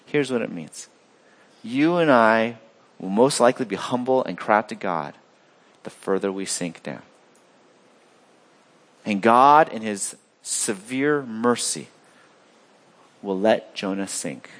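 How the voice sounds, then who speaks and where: A man preaching a sermon as pastor of his church, swinging between loud emphatic lines and quiet low asides. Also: animated, slow, pauses often.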